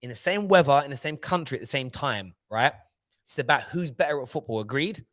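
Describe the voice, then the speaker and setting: A man's voice: medium pitch, animated, a little fast, a bit bright, no echo. A man co-hosting a football fan stream, boastful and teasing, laughing often in casual banter. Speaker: co-host of a football fan show.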